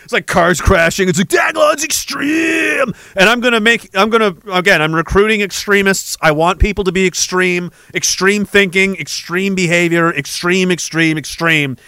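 A man's voice: high voice, fairly even intonation, normal speed, few pauses, pushed and bright, smooth, dry recording. A man hosting a livestream, reading chat messages aloud in a rambling, profane, sarcastic way.

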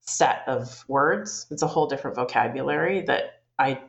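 A woman's voice: very deep voice, normal speed, lo-fi sound. A Canadian woman chatting in an interview, rambling through stories with lots of fillers and restarts. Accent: Canadian English. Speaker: interview guest. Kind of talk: casual storytelling interview.

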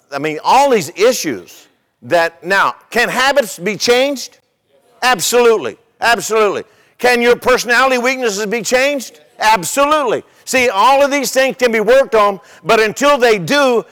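High-voiced older man preaching a sermon. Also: fairly bright tone, long reverb tail. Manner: conversational, repeats words, tells humorous stories. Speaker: pastor.

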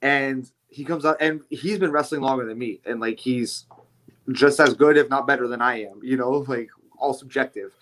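A man who is a guest on a casual podcast, talking about wrestling. His delivery is easygoing and conversational, with mild cursing and quick asides. He laughs along with the hosts. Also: medium pitch, a bit bright.

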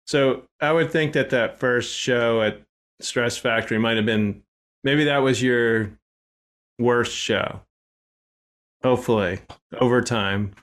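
A man's voice: mid-range voice, takes it slowly, fairly bright tone. A man hosting a podcast, asking easygoing questions in casual chat. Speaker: podcast host.

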